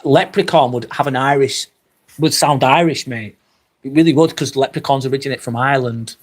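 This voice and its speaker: A man's voice: mid-range voice, fairly quick. A man with a Lancashire accent from Northwest England, hosting a live stream and chatting casually with his viewers, swearing freely. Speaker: livestream host. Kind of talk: live stream chat reading.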